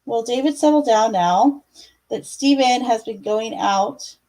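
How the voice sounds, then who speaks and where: A woman's voice: on the high side, unhurried, dark tone, a little hiss or hum, poor audio. Chatty woman reading tarot on a live stream. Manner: chatty, filler-heavy, affectionate with viewers. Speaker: livestream tarot reader.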